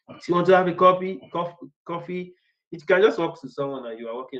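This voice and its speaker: A man's voice: medium pitch, fairly quick, muffled recording. A man teaching business analysis in a casual, rambling way. He repeats words and acts out short workplace exchanges. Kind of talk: casual online lecture.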